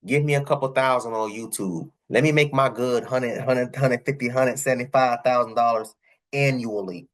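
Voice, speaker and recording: A man with a Southern accent talks through a reaction video. His commentary is animated and full of repeated phrases and laughing asides. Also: medium pitch, moderate pace. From American South.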